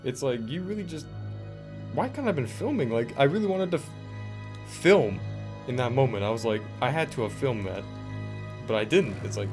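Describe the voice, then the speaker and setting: A man's voice: mid-range voice, moderate pace, pauses often. Rambling young man telling a story. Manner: rambling, lots of "like" and restarts, animated retelling. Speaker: gaming vlogger. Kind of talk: casual storytelling over gameplay. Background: faint background music.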